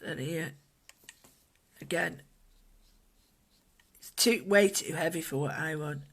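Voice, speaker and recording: Calm voice talking through a mandala drawing. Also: mid-range voice, slow pace, gravelly. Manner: calm, gentle, thinking aloud while working. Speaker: mandala art instructor. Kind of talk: casual drawing and painting tutorial.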